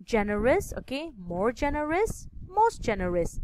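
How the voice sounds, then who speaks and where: A woman's voice: medium pitch, animated, a little slow, low-quality recording. A woman teaching an English grammar lesson, explaining step by step and checking understanding with a frequent "okay?".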